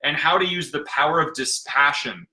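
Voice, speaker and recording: A man's voice: a little high, normal speed, sharp tone, reverberant, poor audio. A man hosting a casual live stream, rambling and self-deprecating. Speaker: host.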